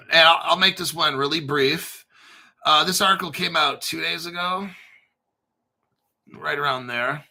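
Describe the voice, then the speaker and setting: Rambly guy hosting a crypto show, super bright voice, keeps clearing his throat, swears casually. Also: on the high side, unhurried, long pauses. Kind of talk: casual commentary to camera.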